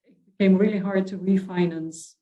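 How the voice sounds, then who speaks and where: A woman with a Dutch accent speaking as a panelist over a remote video call, soft-spoken and hesitant with many fillers. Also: medium pitch, steady tone, normal speed, narrow, tinny audio. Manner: soft-spoken, drops her voice. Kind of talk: panel discussion.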